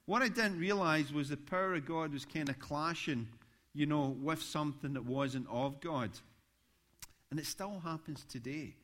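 A man's voice: fairly high pitch, moderate pace. A man, a pastor preaching a sermon, telling stories with rising animation. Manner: storytelling, animated when recounting events.

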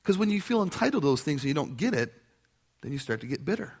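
A man preaching a sermon as a pastor, telling a personal story in an animated way and acting out the voices he quotes. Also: fairly high pitch, fast talker, slightly rough.

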